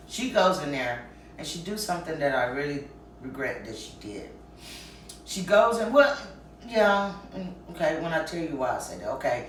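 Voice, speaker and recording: Woman, candid storytelling, frank, lively, quotes voices, roomy echo, faint background hum. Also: deep voice. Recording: very echoey room, mic far off.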